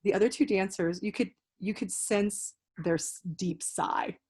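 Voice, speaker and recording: A young woman hosting a podcast in casual chat, an animated storyteller who swears freely. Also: mid-range voice, unhurried, slightly rough. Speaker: podcast host.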